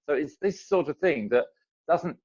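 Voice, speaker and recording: A man's voice: on the high side, lively intonation, moderate pace, a little mellow, breathy edge, highs cut off. A man, a guest on a video call, chatting casually and acting out little everyday exchanges. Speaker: interview guest. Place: home in Zambia.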